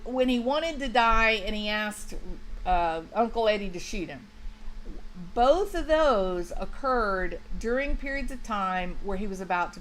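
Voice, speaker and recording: A woman talks through a true crime livestream at an unhurried, drawn-out pace, leaning hard on her points and stumbling into restarts. Her voice sits mid-range, with a faint hiss of room noise behind it. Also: medium pitch, poor audio. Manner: chatty, emphatic, restarts often, talks to viewers by name. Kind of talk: casual livestream commentary, reading chat.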